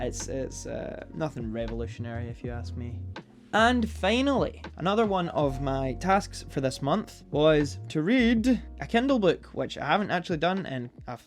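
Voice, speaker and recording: A man vlogging casual book reviews, rambling and self-deprecating as he goes. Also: medium pitch.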